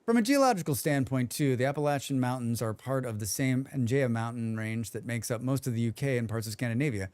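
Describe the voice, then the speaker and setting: A man's voice: medium pitch, lively intonation, fast talker, few pauses, a little mellow, clear, resonant tone, no room sound. A man streaming a game, chatting with his viewers in a joking, rambling way and humming to himself. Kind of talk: casual livestream chat.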